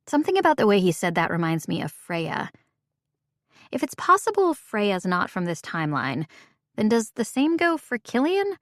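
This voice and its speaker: A woman reading a first-person novel aloud, in an even, measured storytelling manner. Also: mid-range voice, dry recording, studio quality. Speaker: audiobook narrator. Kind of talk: first-person audiobook narration.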